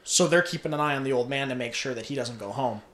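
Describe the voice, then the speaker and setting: With a roomy echo around him, a young man speaks quickly in a mid-range voice, retelling a film plot casually. His animated recap is profane and punctuated by frequent laughter.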